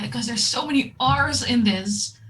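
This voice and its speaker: A woman's voice: fairly high pitch, takes it slowly, a bit bright. A woman with a lisp who is not a native English speaker, chatting and joking as a player in a tabletop game. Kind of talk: casual game chat.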